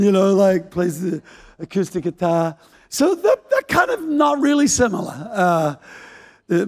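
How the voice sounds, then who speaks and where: An older male pastor delivering a sermon with a notably high voice. He tells a story in an animated, comic way, racing through the details.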